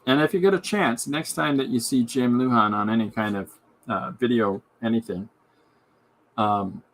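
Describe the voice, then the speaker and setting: A man with a mid-range voice talks at a normal speed while drawing a comic on his own podcast. He rambles casually, tossing in jokey asides as he chats.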